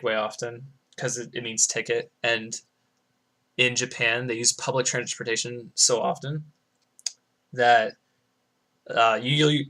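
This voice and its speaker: A man's voice: mid-range voice, sharp tone. A young man talking loosely over a game run, explaining Japanese words as a student, with many fillers and casual swearing. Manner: rambling and loose, lots of "like", swears freely. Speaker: speedrunner.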